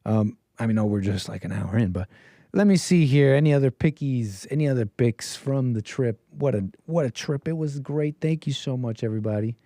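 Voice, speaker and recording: A man's voice: mid-range voice, a little fast, mellow, no echo, clean studio sound. A man hosting a call-in livestream, talking to his chat in a meandering, casual way, full of fillers and trailing thoughts. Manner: meandering, full of fillers and restarts, laughs often. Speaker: livestream call-in show host. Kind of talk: casual rambling monologue to chat.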